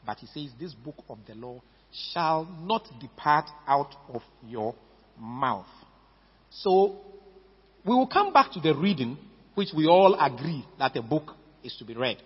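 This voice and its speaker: Emphatic Ghanaian preacher, echoing hall. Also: male voice, on the high side, very animated, measured pace, breathy edge. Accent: Ghanaian English. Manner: emphatic, repeats words, stresses key words. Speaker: pastor. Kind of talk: sermon. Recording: dull lo-fi recording in a reverberant hall.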